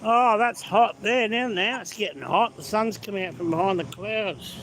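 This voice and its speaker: A man's voice: sits high, moderate pace, a bit bright, low-quality recording. A man chatting casually on a live stream as he walks city streets, answering viewer comments. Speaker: vlogger. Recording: street noise behind phone audio. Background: traffic and street noise.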